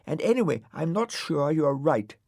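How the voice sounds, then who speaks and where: Man doing a polite little storybook girl, high and wide-eyed, dry sound. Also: sing-song, moderate pace, gravelly, a little mellow, no room sound, exaggerated voice. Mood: innocent.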